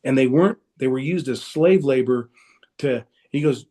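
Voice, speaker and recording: A man's voice: medium pitch, normal speed, mellow. A man telling a personal story as a guest in a casual, rambling way, with many restarts, over a video call. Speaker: guest speaker.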